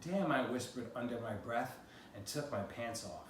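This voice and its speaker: With a steady, slightly bright mid-range voice at normal speed, a U.S. man reads his memoir excerpts aloud in a straightforward first-person style. He's heard from afar in a very echoey room with faint noise.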